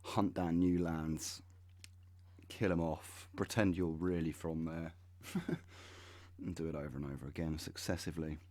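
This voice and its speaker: A man's voice: a bass voice, steady tone, a little slow, long pauses, dark tone. A man in his thirties reading web pages aloud and adding wry, sarcastic asides as a channel host. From United Kingdom. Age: 30s.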